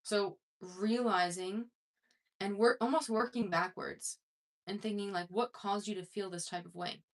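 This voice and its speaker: A woman's voice: mid-range voice, steady tone, unhurried. A woman self-improvement coach talking casually to her viewers, conversational and rambling, with many fillers and restarts. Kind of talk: casual talk to camera.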